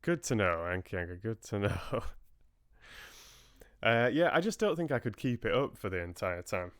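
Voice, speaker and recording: A man chats casually with his livestream viewers, wandering from thought to thought. His voice sits low and sounds smooth and resonant. The close mic makes it dry, with no room sound. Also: sing-song, normal speed, no room sound. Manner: chatty and rambling, answering viewers' chat with laughs. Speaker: livestream book club host.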